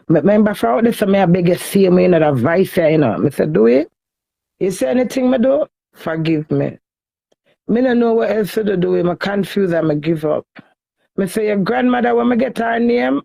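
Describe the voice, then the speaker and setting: A woman's voice: medium pitch, brisk, vocal fry, mellow, no echo, low-quality recording. A woman with a Jamaican Patois accent, venting in an emotional social media rant, pleading and repetitive as she swings between cussing and begging.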